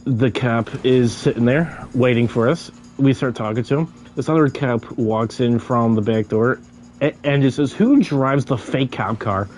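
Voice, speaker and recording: A man's voice: medium pitch, fairly even intonation, moderate pace, darkish tone. A young man casually telling a story while gaming, stuttering and repeating sounds, laughing as he goes.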